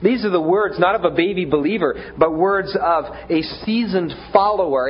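A man's voice: high-pitched, normal speed, lo-fi sound, slight background noise. A man preaching a sermon in a conversational way, often stumbling over repeated words, with self-deprecating humor.

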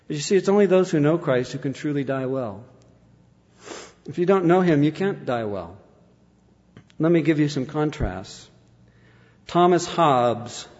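A man preaching a sermon with fervor, swinging between loud declaiming and hushed intensity. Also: a little high. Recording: dull lo-fi sound with long hall reverb.

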